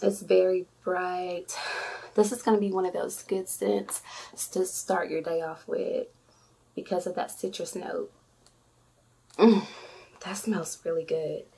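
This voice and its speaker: Gushing woman with a gravelly edge. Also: lowish voice, fairly even intonation, a little slow, a little mellow. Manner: effusive, squeals with delight, chatty. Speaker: beauty vlogger. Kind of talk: excited unboxing vlog.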